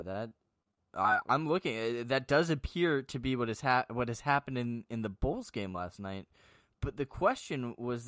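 A man's voice: mid-range voice, a bit bright, no echo, clean studio sound. A man hosting a casual sports podcast, playfully needling his co-host in a mock-formal way.

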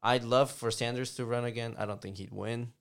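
A man talking politics in a casual, rambling chat, often halting and restarting mid-sentence. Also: mid-range voice, fairly even intonation, gravelly, clean tone.

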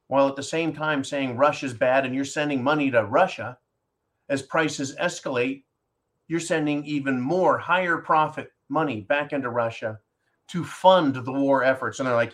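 A man hosting a talk show, with a voice of ordinary pitch. He rants in an animated, sarcastic way, jumping between a quick clip and slow, weighty stresses. He calls out to his listeners as folks. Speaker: host reading listener questions. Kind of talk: casual opinion talk show.

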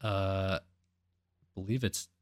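A man's voice: deep voice, fairly even intonation, drawn-out words, clear, resonant tone, no echo, clean studio sound. A young man co-hosting a podcast, telling crude jokey stories in casual chat. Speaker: podcast co-host.

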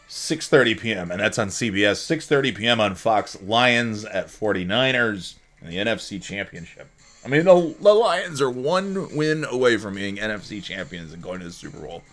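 A man's voice: fairly low pitch, fairly bright tone. A man hosting a casual solo sports talk show, rambling and joking with many fillers and restarts. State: sleepy, yawning. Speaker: sports podcast host.

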